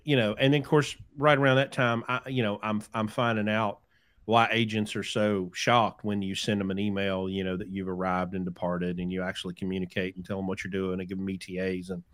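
A man's voice: low-pitched, level tone, a little fast, fairly bright tone. A man hosting a podcast, telling stories in a casual chat and acting out the people he quotes. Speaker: podcast host, trucking business owner.

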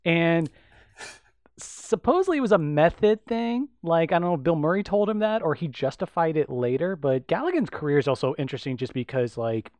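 A man's voice: on the high side, lively intonation, brisk, few pauses, a little mellow, dry recording. Man talking films in a dry close sound. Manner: rambling with many fillers and restarts. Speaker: podcast co-host. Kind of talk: casual film discussion.

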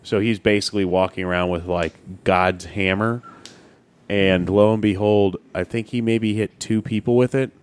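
A man co-hosting a podcast, telling gaming stories in animated casual chat, swearing freely. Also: lowish voice, moderate pace, smooth. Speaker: podcast co-host.

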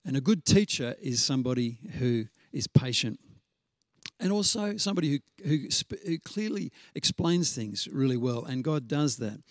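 Guy giving a sermon like he's chatting, lots of uhs, slows way down on bible verses. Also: mid-range voice, expressive, no echo, studio quality. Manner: conversational storytelling with frequent fillers and restarts; slows down to stress scripture references. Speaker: preacher.

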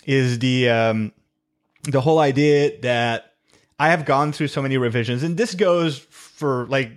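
A man's voice: medium pitch, unhurried. Rambling upbeat man on a podcast. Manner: rambling, self-correcting, upbeat. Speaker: podcast co-host, writer. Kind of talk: casual chat. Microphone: remote call mic.

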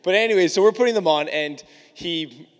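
A man's voice: high-pitched, a little fast. A male preacher telling a personal story to his church in a candid, casual way, full of "like". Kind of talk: storytelling sermon. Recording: long reverb of a large hall.

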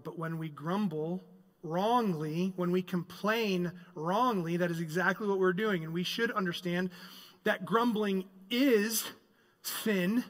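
A man preaching a sermon in a church sanctuary. His voice sits high and bright, and it rings out through a long hall reverb. He swings between loud, emphatic passages and hushed, reflective asides. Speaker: pastor.

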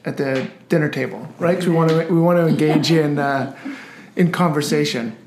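A man's voice: on the high side, normal speed, background noise. A man, a guest parent, speaking thoughtfully in a casual parenting discussion, with frequent "right?" tag questions. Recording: roomy echo.

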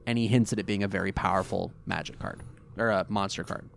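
A man co-hosting a podcast, casually recapping an episode in an animated, rambling way with fillers. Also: sits low, quick pace, gravelly, a little hiss or hum.

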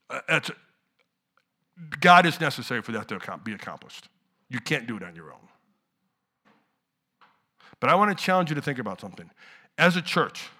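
Male pastor, middle-aged, bright tone, conversational sermon, hushed lows and loud peaks.

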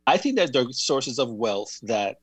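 A man co-hosting a radio talk show, chatting in a thoughtful, self-deprecating way with many halting restarts. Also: mid-range voice, very animated, slightly rough, no echo, low-quality recording. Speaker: radio show co-host and writer. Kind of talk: casual chat.

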